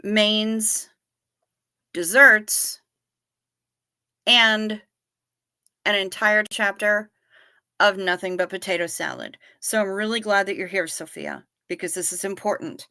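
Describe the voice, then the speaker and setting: A woman's voice: medium pitch, fairly even intonation, sharp tone, clear, resonant tone, dry recording, clean studio sound. A woman hosting a casual livestream, reading viewer comments aloud and answering them in a blunt, teasing way. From United States. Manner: blunt, salty, quick to tease. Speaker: livestream host.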